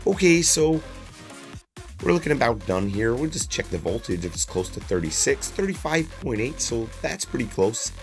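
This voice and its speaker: A man calmly explaining a DIY build, easygoing and a bit hesitant, stumbling over tricky words. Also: medium pitch, moderate pace, faint music behind. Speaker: DIY maker. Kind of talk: casual how-to narration.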